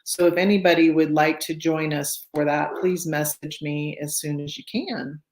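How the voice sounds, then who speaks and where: A woman's voice: low voice, steady tone, normal speed, darkish tone. A woman hosting a virtual book club on a video call, chatty and now and then tongue-tied. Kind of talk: casual video-call chat.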